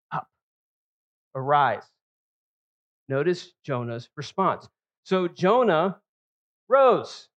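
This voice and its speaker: A man's voice: fairly high pitch, lo-fi sound. Man preaching an expository sermon. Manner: expository preaching, rising emphasis on key words. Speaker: pastor.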